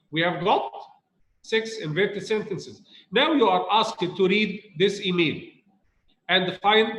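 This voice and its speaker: A man teaches a grammar point to students, repeating himself and asking whether it is clear. His voice sits high for a man, and it rings around a reverberant room. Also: fairly bright tone. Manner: repeats points, asks students rhetorical questions. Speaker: English teacher. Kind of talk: recorded grammar lesson.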